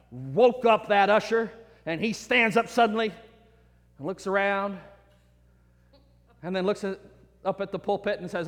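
Preacher guy telling funny stories in his sermon, high voice, lots of echo. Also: moderate pace. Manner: animated, emphatic, repetitive cadence. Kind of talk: sermon with humorous storytelling.

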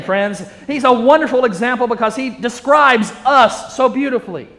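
A man's voice: very high-pitched, moderate pace, pushed and bright. A man preaching a sermon in an earnest, emphatic way, repeating phrases for weight. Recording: reverberant hall.

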